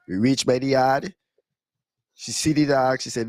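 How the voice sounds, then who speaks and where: A young man casually telling stories on a podcast, in relaxed creole-tinged English. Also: mid-range voice, moderate pace, pauses often, no echo. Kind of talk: casual storytelling chat.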